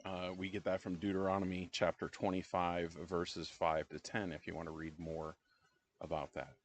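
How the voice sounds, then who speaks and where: A middle-aged man co-hosting a podcast, leading a Bible study in a relaxed, conversational way with frequent pauses. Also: low-pitched, slight background noise. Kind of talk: casual Bible-study discussion.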